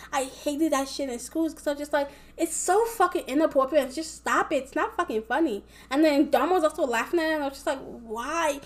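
A young woman rambling casually in a vlog, packing her talk with fillers and swearing a lot. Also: sits high. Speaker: vlogger.

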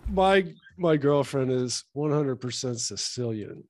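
A man's voice: mid-range voice, expressive, unhurried, noisy background. A man hosting a casual interview, curious and conversational, with many fillers. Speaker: host.

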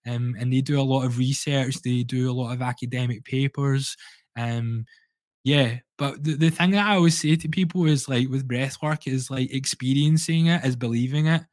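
A man, a breathwork coach, guiding listeners through a breathing exercise with calm, slow, soothing instructions. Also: mid-range voice, no echo.

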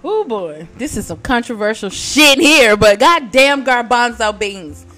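Woman, podcast host, solo casual monologue, profane, laughs at own jokes, loud-quiet swings, higher pitch, faint background music. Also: expressive, measured pace. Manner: big swings in loudness and pitch, bursts of shouting.

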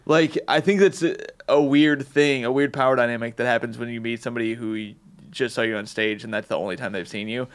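A man's voice: mid-range voice, steady tone, fast talker. Guest comic, man, mid voice, loose, swears, thinks aloud. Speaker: comedian guest. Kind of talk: casual chat.

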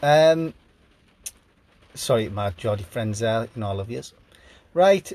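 A sleep-deprived podcast host reads headlines aloud and riffs on them in a rambling, jokey bit of casual news commentary. His mid-range voice is expressive and darkish, with a measured pace, frequent pauses, and no echo.

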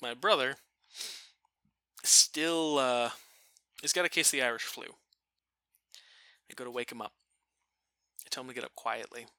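A man casually telling a funny family story, animated and profane, laughing now and then. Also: medium pitch, moderate pace, long pauses, smooth, no room sound. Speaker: storyteller guest.

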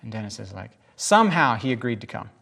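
A man preaching a sermon as pastor, with casual asides and lively storytelling in which he acts out the people he quotes. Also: fairly low pitch, quick pace, gravelly.

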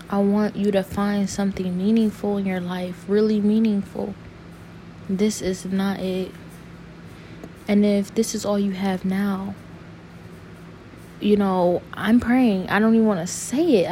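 Slow, mellow-voiced young woman rambling earnestly. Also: mid-range voice, slight background noise. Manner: rambling, halting, full of restarts and fillers; earnest and saddened. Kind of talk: emotional personal monologue.

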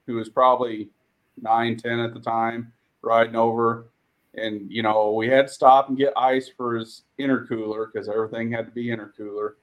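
A man talking casually as a guest, telling local stories in a relaxed, easy manner. His voice sits at a middle pitch, and he pauses on "um" now and then. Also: low-quality recording. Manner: storytelling, relaxed, animated when telling stories. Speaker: guest, tractor pull organizer. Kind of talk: casual chat.

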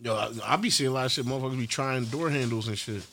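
A man's voice: mid-range voice, fast talker, a bit bright. A man in a casual podcast chat, blunt, slangy and teasing.

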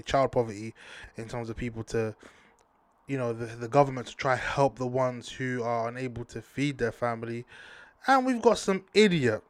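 A man talking straight to camera in a casual rant, heavy with slang and worked up, hammering points home by saying them twice. His voice sits in an ordinary middle pitch. The sound is dry and close, with no room around it. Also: clean tone, no echo. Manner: slangy, heated, repeats himself for emphasis. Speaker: vlogger. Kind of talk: casual ranting commentary to camera.

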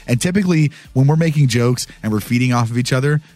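A man's voice: mid-range voice, quick pace, darkish tone, no room sound. A young man hosting a casual podcast in a small studio, loose and joking, rambling with restarts. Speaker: podcast host.

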